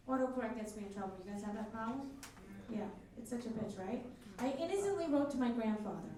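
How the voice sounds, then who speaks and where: A woman's voice: on the high side, moderate pace. Brash woman comic in an echoey club. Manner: brash, crude punchlines with chatty crowd asides. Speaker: stand-up comedian and host. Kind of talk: stand-up comedy set. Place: comedy club stage. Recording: echoey club from a distance with crowd noise.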